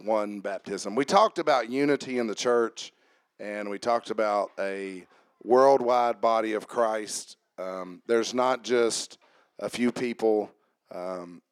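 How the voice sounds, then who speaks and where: A man preaching a sermon in church, reading scripture slowly and talking to the congregation in a folksy way, with frequent "um"s and calls of "amen?". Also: fairly low pitch, smooth, no echo, clean studio sound. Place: church sanctuary.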